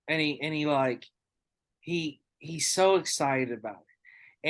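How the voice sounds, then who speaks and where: A man hosting a podcast, telling a story in a casual, animated way with lots of swearing and acted-out dialogue. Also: on the high side. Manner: animated, profane, acts out others' lines. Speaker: podcast host.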